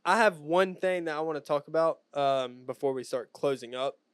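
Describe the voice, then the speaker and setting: A young man co-hosting a podcast, casual chat, animated storytelling with frequent laughs. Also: on the high side, moderate pace, smooth, no room sound. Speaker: podcast co-host.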